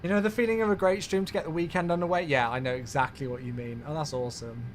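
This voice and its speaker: A man's voice: a little high, fairly even intonation, quick pace, slight background noise. A man streaming a flight simulator, chatting casually with viewers and greeting them by name as he reads back radio calls. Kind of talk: casual live-stream commentary.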